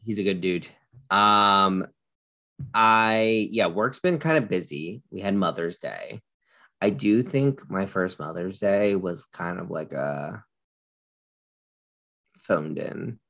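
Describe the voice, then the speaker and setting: A man in his thirties co-hosting a casual chat show, reassuring and playful, and quick to laugh. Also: sits low, sharp tone. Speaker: podcast co-host.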